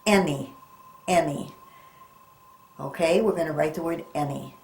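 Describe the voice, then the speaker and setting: A woman's voice: sits low, measured pace, creaky, darkish tone, a little hiss or hum. A woman teaching a phonics lesson to young children, sounding words out letter by letter and coaxing them with questions. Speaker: reading teacher. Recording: echoey room.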